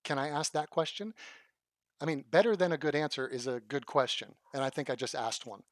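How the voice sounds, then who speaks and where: A man's voice: mid-range voice, brisk, no echo. A man reacting to video clips with blunt, profane, sarcastic commentary. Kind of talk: combative commentary.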